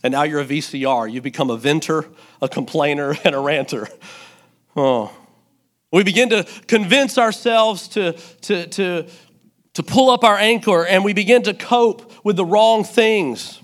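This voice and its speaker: High-voiced preaching man. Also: normal speed. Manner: animated preaching, playfully acts out quotes. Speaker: pastor. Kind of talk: sermon. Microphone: handheld mic.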